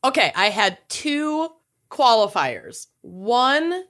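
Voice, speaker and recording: Woman co-host, bright and lively, self-mocking chat. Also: on the high side, slow. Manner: animated, self-mocking banter. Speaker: podcast co-host. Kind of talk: casual chat.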